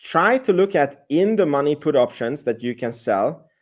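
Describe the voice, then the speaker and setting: A man's voice: a little high, very animated, moderate pace. Guy rambling on a live stream about options, reading chat, lots of ums and restarts. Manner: rambling, reads and answers chat comments. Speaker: host.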